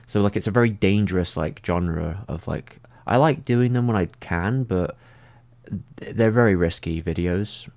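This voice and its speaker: A man in a casual livestream, answering viewer comments and thinking out loud, filling his talk with "like" and frequent restarts. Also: deep voice, moderate pace, creaky. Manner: rambling, heavy use of "like".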